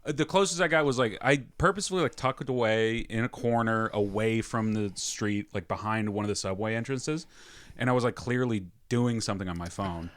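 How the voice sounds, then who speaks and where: A man's voice: lowish voice, a little fast, fairly bright tone, no room sound. A man co-hosting a casual chat, cracking dry one-liners. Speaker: podcast co-host. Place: apartment.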